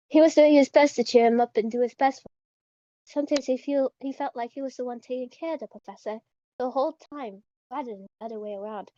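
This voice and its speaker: Young woman, giggly reader who stumbles and stops to comment, high voice, dull lo-fi sound. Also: mellow. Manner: giggly, stumbling, self-interrupting. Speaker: host reading a story aloud. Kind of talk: casual reading with commentary.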